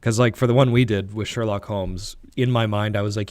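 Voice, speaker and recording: Laid-back low-voiced man chatting. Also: steady tone, fairly quick, few pauses, no room sound. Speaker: podcast guest and audiobook reader. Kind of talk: casual chat.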